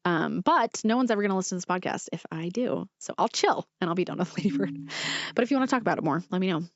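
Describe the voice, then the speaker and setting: A woman's voice: fairly low pitch, expressive, fast talker, no echo, muffled recording. A young woman hosting her own podcast, talking in an earnest, gushing, rambling way with lots of fillers. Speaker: podcast host. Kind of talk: casual solo podcast chat.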